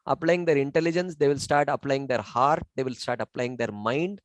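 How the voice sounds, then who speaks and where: A man teaching in a discussion, explaining at a measured pace with frequent "you know" fillers. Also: medium pitch, no room sound, low-quality recording. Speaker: spiritual teacher.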